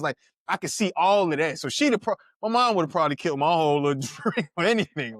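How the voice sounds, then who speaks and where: A man's voice: a little high, expressive, fast, fairly bright tone, dry recording, studio quality. A man in his thirties, a podcast co-host, telling stories in casual chat with slang, laughter and frequent restarts.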